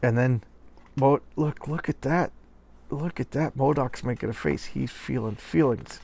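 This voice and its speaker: Gravelly man ranting about comics. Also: medium pitch, unhurried, darkish tone. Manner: exasperated, sarcastic, repeats himself. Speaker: comic book reviewer. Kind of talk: casual ranting review.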